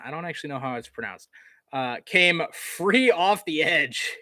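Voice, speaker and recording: A man giving casual live play-by-play commentary on a college football game, chatty, with fillers, getting excited on big plays. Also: on the high side, measured pace, no room sound, clean studio sound.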